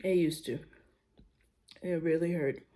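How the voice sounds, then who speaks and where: A young adult woman talking candidly in a casual personal vlog, musing out loud with relaxed everyday slang. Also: low-pitched, a little slow. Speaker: vlogger.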